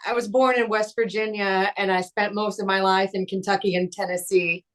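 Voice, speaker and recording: A woman's voice: medium pitch, steady tone, a little fast, low-quality recording. A woman from Appalachia, a backing singer, giving short, dry replies in a radio interview. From Appalachia, United States. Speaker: backing vocalist.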